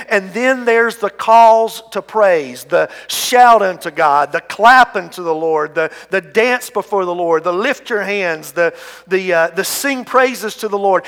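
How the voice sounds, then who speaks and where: A male pastor preaching a sermon, earnest, swinging between hushed and loud delivery and often repeating words. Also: high voice, unhurried. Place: church sanctuary. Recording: long reverb of a large hall.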